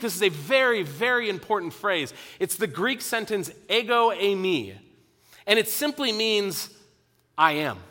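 A man preaching a sermon to his congregation, animated at times and dropping to a quiet intensity at others. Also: sits high, in a large hall. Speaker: pastor.

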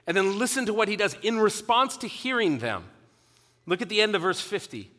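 A man preaching a sermon to his congregation, animated at times and dropping to a quiet intensity at others. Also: sits high, fairly quick, big-room sound. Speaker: pastor.

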